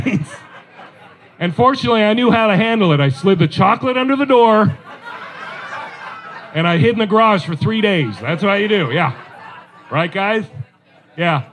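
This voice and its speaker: A middle-aged man telling family stories in a stand-up comedy set at a local brewery, animated and self-deprecating. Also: high voice, a little hiss or hum, low-quality recording. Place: live show at a local brewery.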